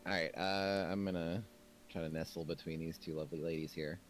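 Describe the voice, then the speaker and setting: A man's voice: low-pitched, fairly even intonation, fairly quick. A man player in a tabletop game, joking wryly in casual chat. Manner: wry, joking.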